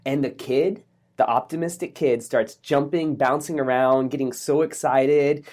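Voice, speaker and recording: A man's voice: mid-range voice, normal speed. Brief: middle-aged male guest, upbeat, tells stories with playful voices. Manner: energetic, optimistic, acts out voices in a joke. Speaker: podcast guest, author. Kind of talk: casual interview storytelling.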